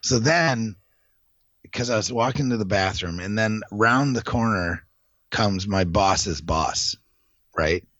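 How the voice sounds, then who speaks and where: A man with a low voice, chatting casually as co-host and chuckling at his own stories. The sound is dull, lo-fi and dry, with no room echo. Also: slow. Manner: relaxed, chuckling storyteller. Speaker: podcast co-host. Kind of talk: casual chat.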